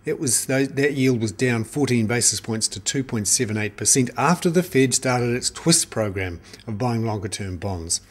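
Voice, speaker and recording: A man presenting a scripted financial news briefing, reading figures in a brisk, crisp delivery. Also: medium pitch, lively intonation. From New Zealand.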